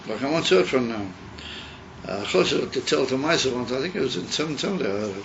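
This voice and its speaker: A male rabbi teaching a Hasidic text and telling a story, in halting English full of fillers and Hebrew and Yiddish terms. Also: medium pitch, expressive, gravelly, fairly bright tone. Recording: dull lo-fi recording with faint hiss.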